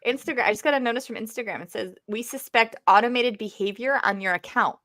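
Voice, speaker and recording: A woman's voice: a little high, quick pace, a bit bright. A woman co-hosting a casual livestream, chatty, laughing and swearing easily. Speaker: co-host of a livestream.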